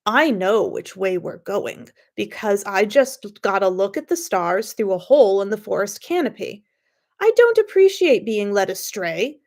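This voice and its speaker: A woman voicing a tall, formidable male soldier who is gruff and bossy, in an audio storybook, speaking in an impatient, growling way. She is slightly sniffly. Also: medium pitch, big pitch swings, measured pace, a little mellow. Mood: irritated.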